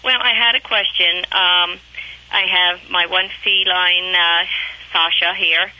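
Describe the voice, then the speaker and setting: A woman's voice: fairly low pitch, steady tone, slow pace, bright, forceful tone, no room sound, lo-fi sound. A woman from Pennsylvania calling a pet radio show over the phone, talking in a friendly, hesitant way and laughing easily. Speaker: caller. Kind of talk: radio call-in.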